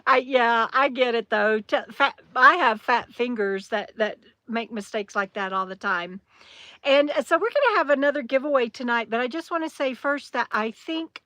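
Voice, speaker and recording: Bright, high-voiced woman livestreaming. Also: no room sound. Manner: chatty, reads viewer comments aloud, talks to her dog. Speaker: livestream host. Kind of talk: casual livestream chat with viewers. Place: camper at a campground. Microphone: phone on a tripod.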